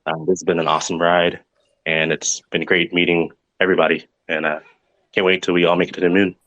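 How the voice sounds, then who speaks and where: A moderator who calls himself a jokester, upbeat and full of fillers. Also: male voice, low-pitched, level tone, fairly quick, fairly bright tone, dry recording, dull audio. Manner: jokey, upbeat, many fillers. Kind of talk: casual chat.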